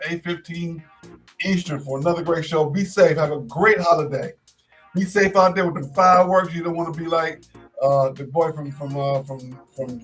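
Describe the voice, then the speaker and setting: A man hosting a casual sports talk show, laid-back, often repeating words as he thinks. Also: fairly high pitch.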